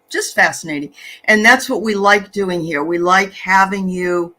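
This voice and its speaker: A woman's voice: on the low side, a bit bright. A woman hosting a casual live chat, enthusiastic, often repeating phrases and trailing off. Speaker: host.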